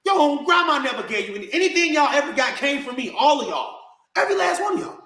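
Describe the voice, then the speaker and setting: A man's voice: extremely high pitch, very animated, fast, bright, forceful tone, roomy sound. A man venting in a heated rant to the camera, indignant and repetitive, calling his viewers bro. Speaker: vlogger.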